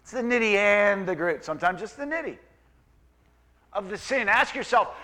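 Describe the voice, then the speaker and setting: Lively, bright-voiced preacher man. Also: sits high, normal speed, pauses often. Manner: conversational, emphatic preaching with asides and acted-out quotes. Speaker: pastor. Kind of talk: sermon.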